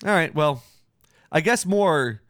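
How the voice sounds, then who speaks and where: A man's voice: fairly high pitch, lively intonation, slow, fairly bright tone, no echo, studio quality. Blunt, joking podcast host man. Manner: joking, blunt, swears freely. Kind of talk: casual podcast banter.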